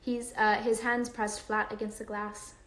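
A woman's voice: on the high side, flat delivery, measured pace, fairly bright tone, echoey room, poor audio. A woman reading a novel aloud to viewers on a livestream, unpolished, with fillers and self-corrections.

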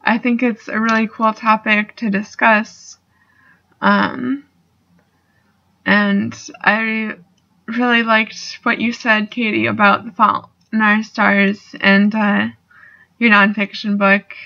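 A young adult woman vlogging as a student talks slowly and flatly in a gravelly, medium-pitched voice. Her casual video response meanders with fillers and the odd swear word as she gets a bit emotional, and the sound is dull and lo-fi.

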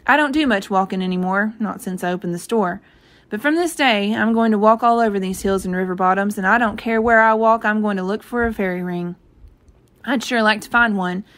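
A woman's voice: mid-range voice, brisk, a bit bright, natural voice. A woman voicing an earnest, emphatic old grandfather in a read-aloud storybook. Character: serious older grandfather storekeeper.

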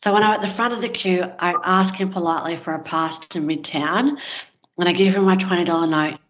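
A woman in her thirties speaks as an interview guest, recounting a story candidly with plenty of fillers. Her voice sits a little low. The recording sounds slightly dull and lo-fi. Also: a little fast, fairly bright tone. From Australia. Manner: candid, conversational, frequent fillers.

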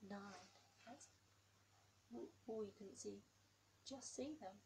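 A woman preschool teacher reading a picture book aloud to toddlers. She coaxes them with questions and drops to hushed whispers for suspense. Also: medium pitch, slow, noisy background. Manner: coaxing, asks the children questions.

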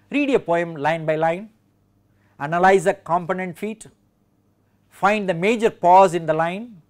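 A man with an Indian English accent giving a measured lecture on poetic meter and reading verse aloud with clear stress. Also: on the high side.

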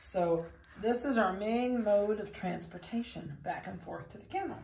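A dog breeder with a Midwestern American accent chatting casually indoors, cooing baby talk at puppies and voicing their thoughts. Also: female voice, medium pitch, moderate pace, gravelly, darkish tone. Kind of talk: casual chat to puppies and camera. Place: indoors at a kennel.

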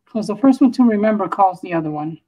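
A woman's voice: medium pitch, expressive, fast, mellow, low-quality recording. A woman chatting casually on a live stream, telling easygoing rambling stories. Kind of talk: casual chat.

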